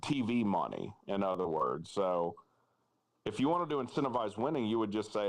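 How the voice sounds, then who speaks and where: A man's voice: fairly low pitch, expressive, moderate pace. Man ranting heatedly on a podcast. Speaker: podcast host. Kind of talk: casual sports talk.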